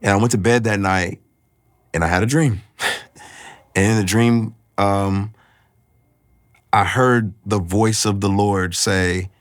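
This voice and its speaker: Man telling his faith story, low-pitched, candid, searching for words. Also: steady tone. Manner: earnest and confessional, pauses often to find words. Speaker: speaker sharing a personal testimony.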